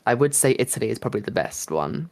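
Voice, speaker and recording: A man from the United Kingdom co-hosting a casual podcast. He rambles from one thought to the next, quick and full of fillers, with an easy middle-pitched voice. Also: sing-song, darkish tone. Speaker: podcast host. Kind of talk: casual chat.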